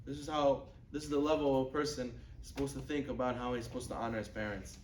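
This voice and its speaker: A rabbi's sermon-style Torah lecture comes out fast and flat, with a slightly mellow tone, picked up far from the mic in an echoey room with slight background noise. Even so, he acts out quoted dialogue, rising in pitch for the characters, while telling his stories. He uses lots of Hebrew and Yiddish religious terms.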